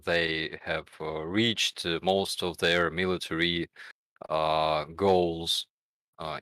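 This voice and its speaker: A male guest answering viewer questions on a livestream, hesitant and full of filler pauses. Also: low voice, fairly bright tone, no room sound, poor audio.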